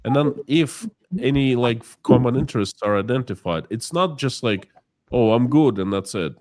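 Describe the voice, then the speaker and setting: A man's voice: mid-range voice, moderate pace, no echo. A man from Russia, talking in a casual interview and acting out small exchanges as he explains. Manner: animated storyteller, acts out dialogue, many restarts. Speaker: guest.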